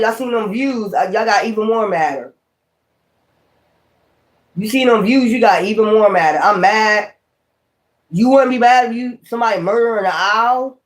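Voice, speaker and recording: High-voiced man ranting on a livestream. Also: animated, normal speed, long pauses. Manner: profane, confrontational, repeats himself. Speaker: tarot reader. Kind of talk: livestream rant.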